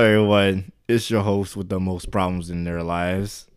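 A man's voice: sits low, moderate pace, clean tone. A man hosting a comedy podcast, joking and swearing as he tells stories. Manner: joking, profane, animated storytelling. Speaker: podcast host. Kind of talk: casual comedic chat.

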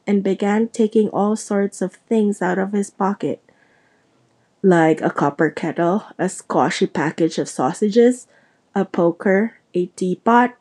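A woman narrating a storybook aloud in a steady, measured way. Her voice is mellow and dark, at an ordinary pitch. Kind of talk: audiobook reading.

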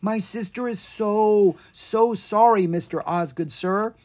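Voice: medium pitch, slow pace, darkish tone, voice pushed up, close to an everyday voice. A reader voicing a timid young boy dragon who talks nervously and stammers, in a children's storybook reading. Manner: jittery, stammering.

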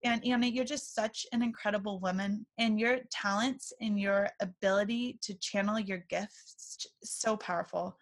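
A woman's voice: medium pitch, steady tone, normal speed, few pauses. Woman host in her 30s, chatty storyteller, casual podcast chat. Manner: warm, chatty storytelling with fillers.

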